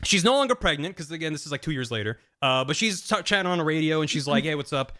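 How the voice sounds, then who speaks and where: A man with a slightly raised voice talks through a long story recap on his stream. He rattles off characters' lines in quick, playful paraphrase and keeps circling back with fillers and restarts. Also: a little high, animated, pushed and bright. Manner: rambling with many fillers and restarts. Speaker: streamer host. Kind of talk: casual plot recap with friends.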